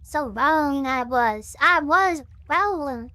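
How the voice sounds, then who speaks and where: A fervent male cult preacher, put on by a man through a voice changer, drawing out every word in a slow, loud, sermon-style boom. The voice sits high and bright from the changer. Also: expressive, no room sound, exaggerated voice. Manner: slow, booming sermon delivery.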